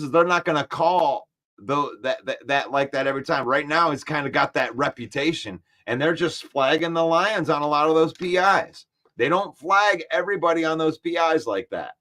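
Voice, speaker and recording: A man hosting a casual football talk stream, reading viewer comments and firmly arguing back. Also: fairly high pitch. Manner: reads viewer comments aloud and argues back, animated and defensive. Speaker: sports talk show host. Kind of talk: casual live-stream sports chat.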